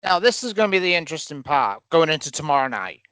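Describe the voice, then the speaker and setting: Opinionated guy on a wrestling podcast, really animated, crisp voice, dead dry mic. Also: a little high, fast talker, no room sound. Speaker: podcast co-host. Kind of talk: casual wrestling chat.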